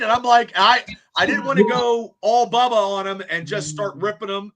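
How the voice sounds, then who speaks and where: High, bright-voiced male podcast host. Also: moderate pace, hardly any pauses. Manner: rambling, stammering repeats. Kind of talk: casual chat.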